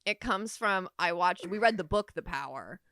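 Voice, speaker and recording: A woman's voice: fairly low pitch, lively intonation, normal speed, sharp tone, dry recording, clean studio sound. A woman co-hosting a podcast in casual chat. She laughs easily and often calls the listeners "guys". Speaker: podcast co-host.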